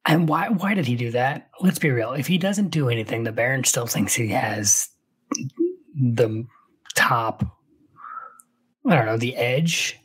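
A man's voice: medium pitch, lively intonation, unhurried, long pauses, a bit bright, slight background noise, poor audio. A man hosting a casual read-along, reading a book aloud and adding chatty, playful asides.

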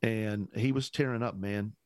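A man's voice: on the low side, moderate pace, dry recording. A man, a pastor, telling a story casually in a podcast conversation and acting out what people said. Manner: animated storyteller who acts out the dialogue; casual, uses "man" often, restarts sentences.

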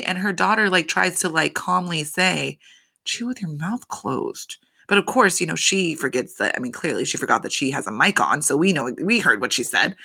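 Chatty, gravelly-voiced reality TV recapper. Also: mid-range voice, sharp tone. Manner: chatty, profane, full of fillers. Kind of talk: casual gossip recap.

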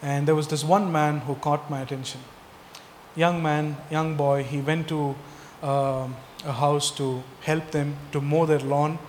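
A man with a slightly high voice preaches a sermon, putting emphatic rhetorical questions to his listeners. His voice rings out with a long reverb, as if he is in a large hall. Faint noise sits underneath the speech. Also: little pitch movement, unhurried, darkish tone. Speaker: pastor.

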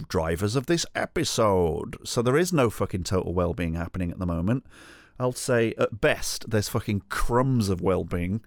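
A man's voice: lowish voice, expressive, moderate pace, dry recording, studio quality. A middle-aged man hosting a solo podcast, telling a rambling, sweary, self-mocking story. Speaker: podcast host.

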